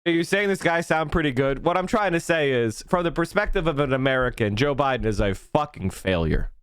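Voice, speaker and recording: Ranting man with a high, lively voice. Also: a little fast, clean tone, no room sound, studio quality. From Pennsylvania. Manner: heated, profane ranting that often breaks into shouting. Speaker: political commentator and live streamer. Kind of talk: live-stream political commentary.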